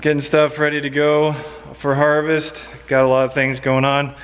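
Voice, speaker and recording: A man's voice: fairly high pitch, flat delivery, moderate pace, fairly bright tone, clean tone. A man, a farmer from central Nebraska, talks through his farm work in a loose, rambling way. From central Nebraska, USA. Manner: laid-back, rambling, loose explanations. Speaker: farmer and vlogger. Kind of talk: casual walkaround vlog. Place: outdoors on a farm, by machinery.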